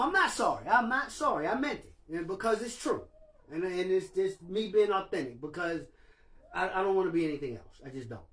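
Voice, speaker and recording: A man hosting a livestream, talking candidly and emotionally and swearing freely. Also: sits high. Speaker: livestream host.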